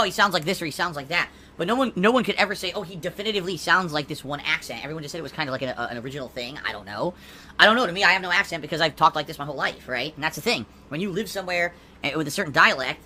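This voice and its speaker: A man's voice: on the high side, sharp tone, a little hiss or hum. A male streamer from Connecticut, talking defensively to his viewers. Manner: talks quickly and defensively.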